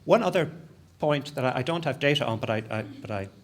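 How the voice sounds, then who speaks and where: A man giving a conference presentation as an academic, lively and self-deprecating, with frequent restarts. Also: mid-range voice, a little fast.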